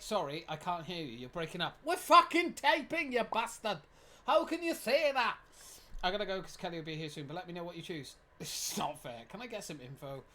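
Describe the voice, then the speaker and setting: A streamer in their twenties, giving lively gameplay commentary, reading game text aloud and swearing often. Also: mid-range voice, slight background noise. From United Kingdom. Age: 20s.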